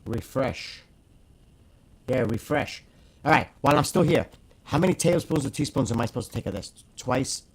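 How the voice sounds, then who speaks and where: A man in casual live-stream chat, blunt and excitable, swearing freely as he talks to the host and viewers. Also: medium pitch, normal speed, husky, poor audio.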